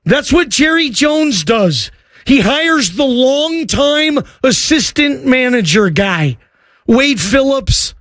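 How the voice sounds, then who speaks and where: A man's voice: very high voice, big pitch swings, takes it slowly, fairly bright tone, dry recording, studio quality. A man hosting a sports talk show, arguing emphatically and often repeating words. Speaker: sports radio host. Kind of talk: sports talk radio rant.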